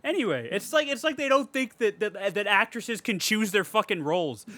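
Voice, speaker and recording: Bright-voiced man ranting about movies. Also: high-pitched, lively intonation, moderate pace, few pauses, dry recording. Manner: profane, ranting, laughs often. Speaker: podcast host. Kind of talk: casual horror movie podcast chat.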